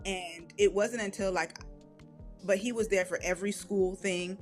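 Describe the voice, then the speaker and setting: A middle-aged woman, an author and podcast guest, telling candid personal stories in an animated way, acting out quoted voices and laughing often. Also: mid-range voice, normal speed, faint music behind. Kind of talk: candid conversational storytelling.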